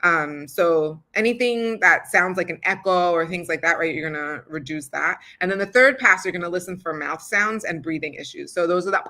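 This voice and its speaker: Woman, young adult, podcast host, casual how-to talk, chatty, laughs often, crisp bright tone. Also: lowish voice, normal speed, hardly any pauses. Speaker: podcast host teaching audiobook recording.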